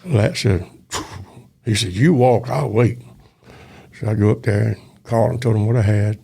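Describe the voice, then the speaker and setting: Dark-toned and on the low side, this older man's gravelly voice keeps a normal speed as the former police officer spins a folksy story in a casual interview, voicing each line of dialogue himself.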